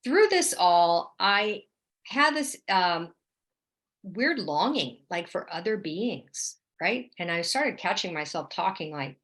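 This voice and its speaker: A woman from New Orleans, a guest in an interview, telling her story in a lively, vivid way with lots of "like" and "right?". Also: fairly low pitch, slow. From New Orleans, USA. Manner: animated, vivid storyteller, often says "like" and "right?".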